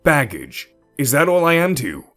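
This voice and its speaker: A man's voice: a little high, wildly swooping pitch, moderate pace, bright, forceful tone, faint music behind, voice pushed up, full character voice. A man voicing a hurt, anxious young man who pleads with his boyfriend in an audio story. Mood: pleading. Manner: pleading, emotional.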